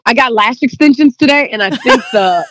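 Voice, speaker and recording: A woman's voice: on the high side, animated, fairly quick, a bit bright, dry recording. A woman guest telling a personal story in casual chat, rambling and acting out the dialogue, close to tears. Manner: rambling, acts out quoted dialogue; emotional, near tears.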